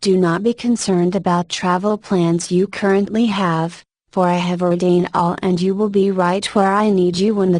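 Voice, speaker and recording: Slow, mellow-voiced woman reading devotionally. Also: lowish voice, no room sound. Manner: slow, measured and even delivery. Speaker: reader of prophetic messages.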